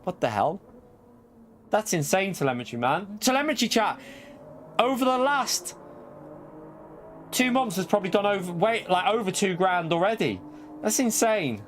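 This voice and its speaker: A British man streaming a racing game live, chatting casually to his viewers in an excitable way, laughing often and swearing when something shocks him. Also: high-pitched, normal speed, long pauses, a little hiss or hum.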